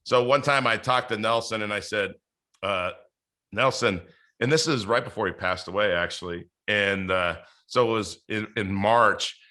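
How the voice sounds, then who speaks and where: A man's voice: fairly low pitch, normal speed, sharp tone. A man hosting a podcast interview, chatting casually with plenty of fillers and restarts. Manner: rambling, many fillers and restarts. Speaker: podcast host.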